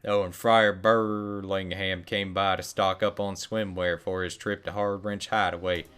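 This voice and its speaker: A man's voice: sits low, level tone, measured pace, a bit bright, clear, resonant tone, pitched below the performer's own voice. A man voicing a defensive male tailor in a game, prickly and curt.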